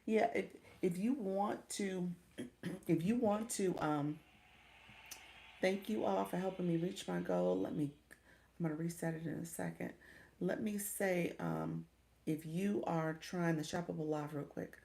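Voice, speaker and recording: Low, gravelly-voiced woman coaching on a livestream. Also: unhurried, dark tone. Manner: chatty, reads chat aloud, laughs often. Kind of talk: casual livestream chat.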